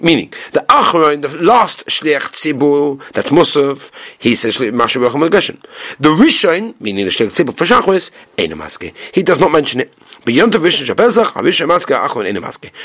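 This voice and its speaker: A man's voice: a little high, fairly bright tone. A man giving a daily Talmud lesson, animatedly explaining the text and mixing in Hebrew and Yiddish terms. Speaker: Talmud teacher.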